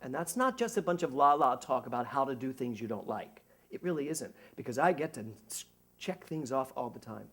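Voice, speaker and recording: A middle-aged man, a minister, giving a conversational sermon to a congregation, animated and joking at his own expense. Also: medium pitch, brisk. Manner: animated, jokey, self-mocking. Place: church service before a congregation.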